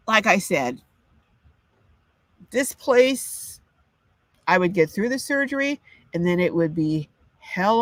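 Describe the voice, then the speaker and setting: A woman's voice: mid-range voice, no room sound. An older woman hosting a live chat, ranting with indignation and reading out viewer comments. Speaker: livestream host. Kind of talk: casual livestream chat.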